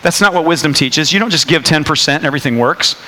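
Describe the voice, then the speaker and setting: A man preaching a sermon, telling a personal story in a casual, animated way with many fillers and restarts. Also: on the high side, fast talker, a little hiss or hum. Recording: long hall reverb.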